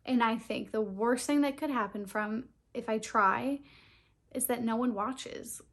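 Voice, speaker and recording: A woman's voice: a little high, unhurried, a bit bright. A young woman talking earnestly and openly to camera in a casual vlog, laughing now and then. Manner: earnest, open, tearful at times, laughs often. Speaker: vlogger starting a channel. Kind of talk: heartfelt casual vlog talk.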